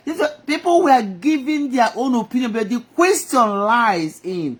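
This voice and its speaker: A woman's voice: high-pitched, animated, moderate pace, few pauses, slightly rough. A middle-aged woman, giving an impassioned inspirational talk on a live stream, speaking straight to God and to her audience. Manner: impassioned, swinging between soft and loud; rhetorical, talks to God and the audience.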